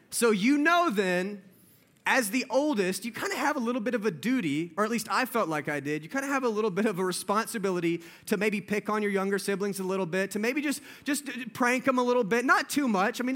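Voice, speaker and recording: A young preacher with a high, bright voice, addressing a congregation. He tells his story in an animated way and drops his voice low and hushed when building suspense. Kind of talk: sermon with personal story.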